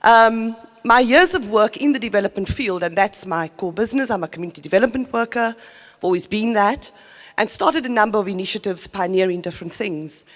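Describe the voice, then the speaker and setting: A woman, a community development worker, giving an earnest, energetic conference talk. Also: medium pitch, fairly quick. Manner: earnest, energetic, self-interrupting. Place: conference hall. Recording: long reverb of a conference hall.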